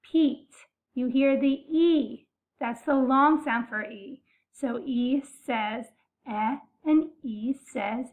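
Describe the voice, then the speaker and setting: A woman teaching a phonics lesson, saying each sound slowly and stretching it out for young learners. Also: high voice. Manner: slow, deliberate, stretching out sounds. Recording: phone-like narrow sound.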